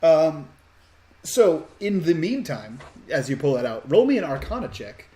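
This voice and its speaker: A man running a tabletop game as game master, narrating in an unhurried way with many fillers. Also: a little high, big pitch swings, dark tone, a little hiss or hum.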